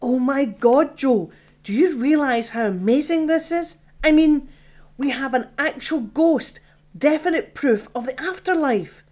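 A woman's voice: high voice, measured pace, a little mellow, voice pushed up. A woman voicing a shocked, blunt woman engineer who exclaims and swears, in an audiobook. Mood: amazed.

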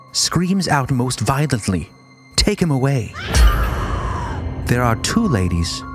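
Man doing a formal letter reading on a podcast, measured delivery, music under it. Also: mid-range voice. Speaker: podcast co-host. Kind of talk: dramatic reading of a historical letter.

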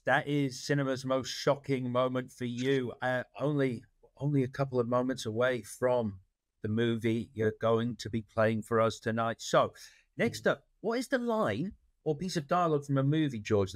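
Male host, mid-pitched voice, dry close sound, easygoing chat. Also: moderate pace, no room sound. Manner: conversational, lightly stumbling. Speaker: podcast host. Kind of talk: casual interview.

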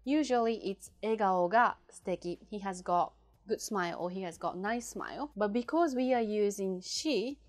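A woman whose first language is Japanese, teaching a casual language lesson and patiently repeating example phrases slowly and clearly. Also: medium pitch.

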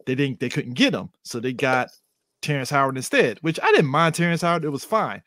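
A man of middle pitch talks with a lively, swinging melody. He laughs easily and acts out quoted lines. The recording is dry. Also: fairly quick, no room sound. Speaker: podcast co-host. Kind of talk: casual chat.

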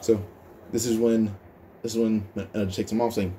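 Male narrator, casual fan story retelling, fast, stumbling, low-ish voice, mellow tone. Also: level tone, slight background noise. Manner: fast, stumbling, many restarts.

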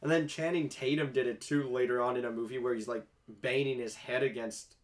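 A man's voice: medium pitch, steady tone, fairly quick. A young man hosting a casual podcast, rambling through anecdotes with easy laughter and many fillers. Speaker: podcast host. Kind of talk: casual chat.

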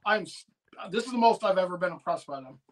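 A man hosting a casual livestream, excitedly rambling about his team's win and swearing freely. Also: sits high, quick pace, slight background noise, low-quality recording. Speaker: livestream host and fan commentator. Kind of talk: casual post-game chat.

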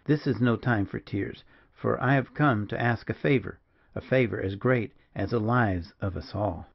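A man reading the part of a gallant, rough soldier who speaks gently but firmly. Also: fairly low pitch, moderate pace, muffled recording. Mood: earnest.

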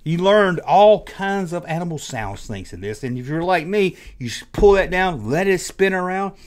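A middle-aged man with a slightly high voice hosts a casual nostalgic vlog. He talks in a jokey, animated way and keeps acting out his childhood reactions. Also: normal speed. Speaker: host.

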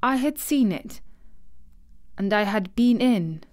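A woman's voice: mid-range voice, lively intonation, slow pace, darkish tone. A woman voicing a blunt, earnest young girl in a storybook reading, speaking frankly and sometimes snappishly. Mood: confessing. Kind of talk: audiobook character voice.

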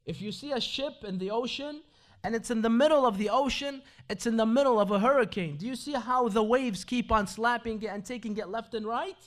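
A man with a notably high-pitched voice delivers a Ramadan lecture at an Islamic centre. He switches between recited Arabic sayings and English explanation. His talk is full of rhetorical questions put to the audience. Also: brisk.

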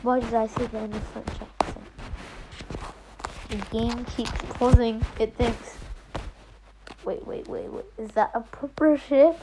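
A woman's voice: a little high, fairly even intonation, measured pace, long pauses, background noise. A woman giving casual, giggly gameplay commentary, muttering half to herself as she scrolls through a game. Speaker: gaming streamer.

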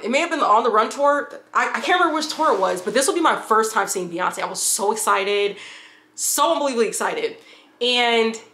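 A woman's voice: a little high, a bit bright, echoey room. A woman from upstate New York telling a personal story in a casual, candid vlog, rambling and swearing freely. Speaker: vlogger.

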